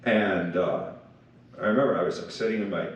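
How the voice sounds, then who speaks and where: A man's voice: sits low, brisk, muffled recording. A man, a company founder, telling a chatty anecdote on a panel, full of fillers. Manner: chatty, self-described blabbermouth, many fillers. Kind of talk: casual anecdote on stage. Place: large event hall. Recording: echoey hall, mic far off, faint noise.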